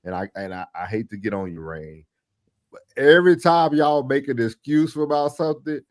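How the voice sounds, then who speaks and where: A man's voice: medium pitch, expressive, moderate pace. A man hosting a podcast panel, pressing a guest with pointed questions and arguing his view. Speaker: podcast host. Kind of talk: casual panel chat.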